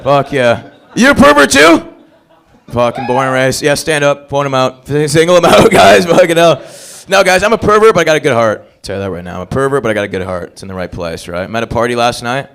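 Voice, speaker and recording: Lively profane man hosting stand-up. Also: mid-range voice, quick pace, hardly any pauses, clean tone. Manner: crude, profane, crowd-working banter. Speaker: open mic host comedian. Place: comedy club stage.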